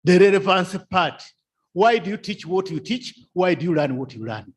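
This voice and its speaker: Husky, high-voiced lecturer. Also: male voice, expressive, normal speed. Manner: repetitive, rhetorical questions, chuckles often. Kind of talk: seminar lecture. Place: seminar room.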